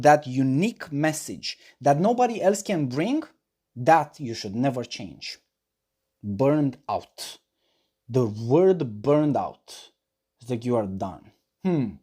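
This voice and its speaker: Male life coach, mellow voice, reflective and self-correcting delivery. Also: a little high, slightly rough. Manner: thoughtful, rephrases himself mid-sentence; explains through personal examples. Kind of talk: answering audience questions in a monologue.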